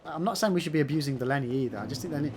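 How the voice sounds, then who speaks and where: A man's voice: on the high side, racing, noisy background. Swearing man streaming a hard game. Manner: swears a lot, banters with chat. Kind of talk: casual live commentary while playing and reading chat.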